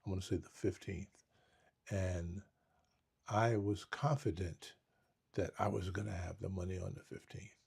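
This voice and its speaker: A man in casual talk as pastor and co-host, emphatic, slowing down and stressing scripture. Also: sits low, fairly even intonation, gravelly, husky. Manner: emphatic, slows and gets louder on scripture. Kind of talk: preaching in casual chat.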